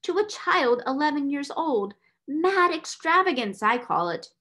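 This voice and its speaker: A woman reading aloud, voicing a dry, sharp-featured solicitor who speaks in a curt, snappish, critical manner. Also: medium pitch, lively intonation, moderate pace. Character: brusque, dry little male solicitor.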